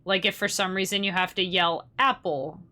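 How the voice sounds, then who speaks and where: Bright-voiced chatty woman streaming. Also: medium pitch, flat delivery, brisk. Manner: chatty and rambling, often laughing. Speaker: musician streaming live to supporters. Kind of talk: casual livestream chat.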